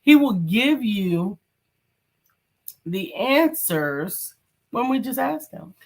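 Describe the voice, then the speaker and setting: A woman co-hosting a casual talk show, earnest and quick to push back on her co-host. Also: mid-range voice, big pitch swings, darkish tone. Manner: earnest, firmly pushes back. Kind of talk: casual chat.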